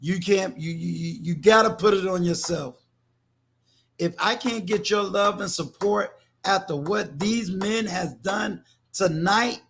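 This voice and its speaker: His voice sits high, husky and fairly bright: an older New Yorker hosting a casual livestream. He speaks to viewers in an emphatic, preachy manner, with frequent repeated words.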